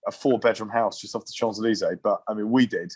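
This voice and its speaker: A man in his thirties telling loose, animated rugby stories in casual podcast chat. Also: lowish voice, quick pace, slightly rough, no echo. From England. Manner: animated, swearing anecdotes with asides and restarts. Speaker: guest, former rugby player.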